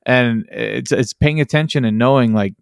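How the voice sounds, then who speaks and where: A man's voice: medium pitch, normal speed, vocal fry, smooth, no room sound. Dry-sounding man rambling through a story. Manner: rambling storyteller, heavy use of "like" and "you know". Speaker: podcast host. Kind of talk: casual interview chat.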